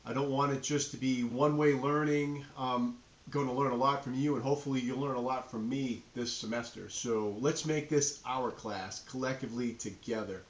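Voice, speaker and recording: A man's voice: medium pitch, steady tone, moderate pace, echoey room, dull audio. Enthusiastic middle-aged man with a New England accent. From New Hampshire, US. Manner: enthusiastic, friendly, addresses students directly. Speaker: university management instructor. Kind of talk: recorded course introduction.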